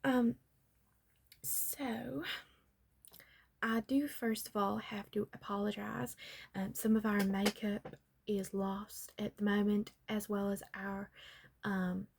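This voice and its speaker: A woman's voice: mid-range voice, level tone, takes it slowly, creaky, pauses often. A woman in a whispered role-play as a chatty salon makeup artist, putting on a Southern US accent and calling the listener honey and darling. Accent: put-on Southern US. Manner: drifts between whisper and soft voice. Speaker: ASMR artist as makeup and magic salon worker.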